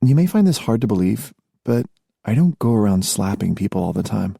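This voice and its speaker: A man's voice: lowish voice, big pitch swings, brisk, vocal fry, mellow, breathy edge, no room sound, clean studio sound, pitched above the performer's own voice, exaggerated voice. A man voicing a spirited young tiger princess in an audiobook, playful and eager. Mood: teasing. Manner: teasing, eager. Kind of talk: audiobook character voice.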